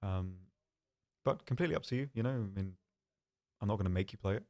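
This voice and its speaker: A young man hosting a live stream, answering chat questions in a calm, soft-spoken, dry and self-deprecating way. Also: lowish voice, quick pace.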